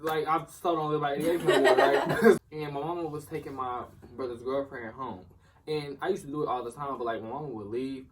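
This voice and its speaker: A young man casually telling a story to friends, animated and laughing as he goes. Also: mid-range voice, brisk, recorded from a distance.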